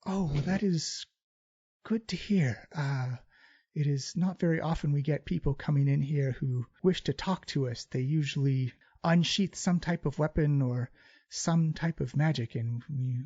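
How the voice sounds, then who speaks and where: A man's voice: fairly high pitch, unhurried, slightly rough, no room sound, dull audio. A man voicing a polite ghost librarian woman. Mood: courteous. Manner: soft, courteous, hesitant.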